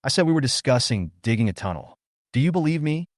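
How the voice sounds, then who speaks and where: A man's voice: mid-range voice, big pitch swings, fast, no room sound, studio quality, pitched above the performer's own voice, natural voice. A man voicing a cocky young soldier who talks in a teasing, offhand way.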